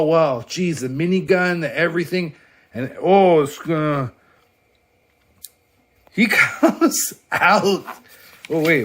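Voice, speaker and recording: A man casually reviewing a comic book on his vlog, excitable and profane, laughing often as he flips through pages. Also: on the high side.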